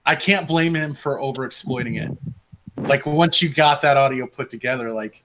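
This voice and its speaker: A man's voice: mid-range voice, normal speed, fairly bright tone. A man co-hosting a podcast, laid-back and agreeable in casual chat. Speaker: podcast co-host.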